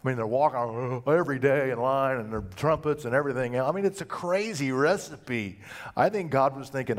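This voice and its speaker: A male pastor preaching a sermon, telling the story in a folksy, conversational way and acting out the quotes. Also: a little fast. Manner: folksy storytelling with acted-out quotes and big pitch swings.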